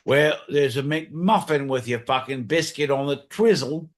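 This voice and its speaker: A man voicing a brash, vulgar British woman at a late-night fast-food counter, in a mocking put-on accent. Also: mid-range voice, lightly acted.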